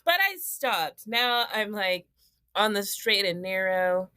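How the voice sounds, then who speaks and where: A young woman co-hosting a podcast, telling animated stories with frequent laughter and swearing. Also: mid-range voice, takes it slowly, clean tone, no room sound. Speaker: podcast co-host. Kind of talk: casual chat.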